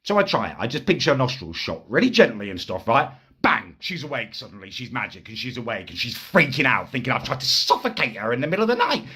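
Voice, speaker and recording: A man's voice: mid-range voice, big pitch swings, fast, few pauses, pushed and bright, breathy edge. A man telling a crude comic story in an indignant, exasperated rant. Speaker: comedic ranter. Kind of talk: ranting comic monologue.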